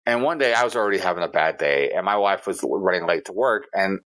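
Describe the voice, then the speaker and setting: A man's voice: deep voice, animated, fast, a bit bright. A man co-hosting a casual podcast, telling a story in a heated, profane way. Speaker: podcast co-host.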